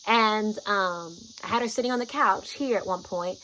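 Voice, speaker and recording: A woman vlogger casually telling a personal story to camera, soft and soothing when she quotes herself, rising sharply at shocking moments. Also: mid-range voice, moderate pace, a little hiss or hum, low-quality recording.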